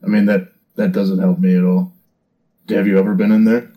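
A man playing his character in a tabletop game, talking in a steady, firm, reasoning way. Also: deep voice, moderate pace, dull audio. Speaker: player.

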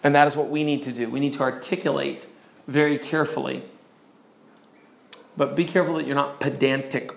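A middle-aged man lecturing on preaching delivery, demonstrating examples and varying his loudness for effect. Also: mid-range voice, fairly even intonation, fairly quick, creaky, pauses often. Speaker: preaching instructor.

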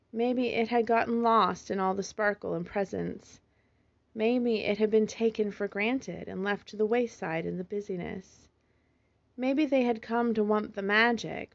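A woman narrating a children's storybook in a steady, expressive read-aloud manner, in a slightly muffled recording. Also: mid-range voice, gravelly, no echo.

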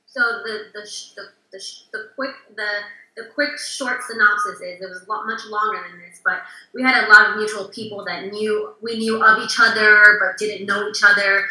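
A woman's voice: mid-range voice, steady tone, normal speed, pushed and bright, reverberant, rough recording. A woman interior designer as a guest, chatting casually and telling stories in a bubbly way, acting out other people's lines. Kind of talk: casual storytelling chat.

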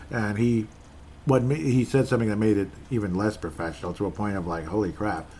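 A man talks through his own sports podcast in a loose, rambling way. His voice sits somewhat low, and he keeps breaking off mid-thought to start over. A faint hiss runs under the recording. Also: steady tone, fast talker, a little mellow. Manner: rambling, opinionated, self-interrupting. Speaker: podcast host. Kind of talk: casual solo podcast chat.

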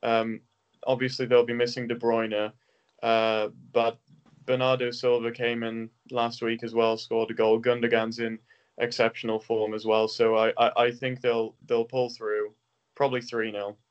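A man on a football podcast panel, giving a measured, slightly hesitant prediction. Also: mid-range voice, monotone. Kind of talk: casual football chat. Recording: dull lo-fi line.

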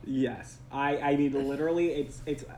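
Young actor talking in a roomy space. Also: male voice, medium pitch, steady tone, normal speed, a little mellow. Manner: earnest, rambling, frequent restarts and laughs. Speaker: stage actor guest. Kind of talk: casual interview chat. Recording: roomy sound with faint background noise.

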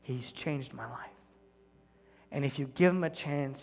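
Earnest pastor with a soft, hushed delivery. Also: male voice, medium pitch, measured pace, creaky, long reverb tail, slight background noise. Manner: earnest, often dropping to a soft near-whisper. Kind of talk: sermon.

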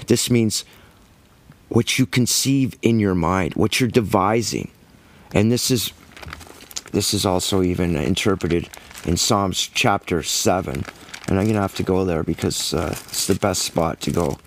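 A man's voice: lowish voice, a little hiss or hum. A man preaching a sermon, emphatic and scornful, firing rhetorical questions at his listeners.

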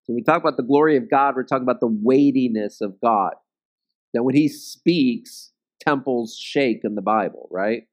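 Male Bible study teacher, mid-pitched, casual explanatory delivery with frequent check-ins. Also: normal speed. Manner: self-deprecating humor.

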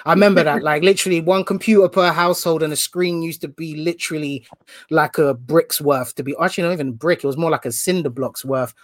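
A man hosting a casual podcast, energetic and slangy, joking as he runs through plugs. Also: on the high side, fast talker, no echo, studio quality. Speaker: podcast host.

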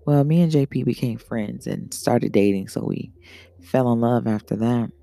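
A woman's voice: rumbling low, moderate pace, creaky, dark tone, no room sound. A man voicing a frank, motherly woman swinger with a New Orleans accent who calls everyone baby. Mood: reassuring. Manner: calls people baby, blunt advice. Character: sassy older woman swinger, soothing and frank.

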